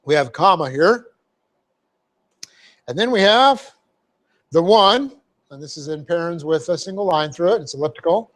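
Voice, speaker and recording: A man's voice: a little high, lively intonation, moderate pace, long pauses, fairly bright tone. A middle-aged man, a pastor, teaching a Bible passage word by word with frequent "okay?" checks and homely asides. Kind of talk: verse-by-verse teaching sermon. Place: church hall.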